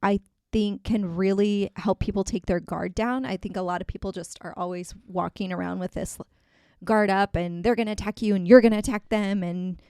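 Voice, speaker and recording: A woman speaking earnestly on a faith discussion podcast, voice sitting at a middle pitch. She talks in a relaxed, chatty way, with plenty of fillers and restarts. The sound is dry and close, with no room around it. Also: moderate pace, clear, resonant tone, no room sound. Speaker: podcast co-host.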